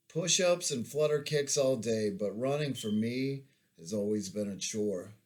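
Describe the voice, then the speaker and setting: A man in his forties, an army veteran, reading his war memoir aloud in a slow, measured storytelling manner. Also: medium pitch.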